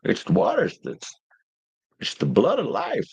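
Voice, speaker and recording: A man's voice: high-pitched, wildly swooping pitch, a little slow, a little mellow, breathy edge, dry recording, highs cut off, voice pushed up, exaggerated voice. A man putting on the voice of a parched, desperate man begging for water, airy and strained. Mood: pleading. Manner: pleading, melodramatic.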